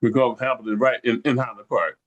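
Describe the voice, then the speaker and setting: A man's voice: mid-range voice, steady tone, quick pace, fairly bright tone, highs cut off. Older man rambling through a story. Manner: rambling storyteller, many restarts, acts out quoted voices. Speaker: podcast co-host. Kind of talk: casual storytelling chat.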